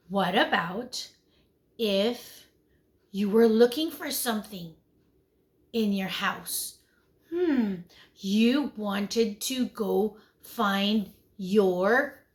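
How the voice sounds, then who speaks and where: A woman preschool teacher giving an online lesson to small children. She speaks slowly in a fairly high voice that swings up and down in a sing-song way, asking the little ones many questions. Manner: animated, sing-song, big swings in pitch and loudness.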